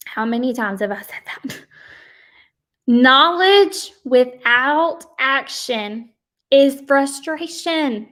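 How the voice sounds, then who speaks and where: A woman with a high-pitched, somewhat bright voice leads a sales team through an emphatic, preachy motivational pep talk. She speaks folksily and directly to her listeners, laughing frequently.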